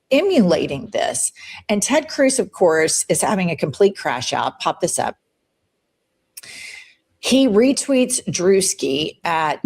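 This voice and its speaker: A woman's voice: fairly low pitch, darkish tone, husky. A woman hosting a show, giving heated, profane political commentary with swooping emphasis. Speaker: show host.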